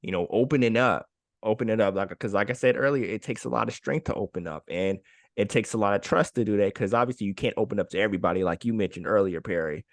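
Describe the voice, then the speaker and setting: A man's voice: lowish voice, fast, dry recording, clean studio sound. A man co-hosting a podcast, speaking in an encouraging way and repeating phrases for emphasis. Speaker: podcast co-host. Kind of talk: casual heartfelt chat.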